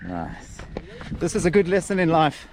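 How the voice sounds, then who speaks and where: A man's voice: a little high, very animated, moderate pace, background noise. A man guiding a trail run and narrating a vlog on desert hills, upbeat and joking as he explains the landmarks. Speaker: trail running tour guide. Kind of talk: outdoor vlog commentary.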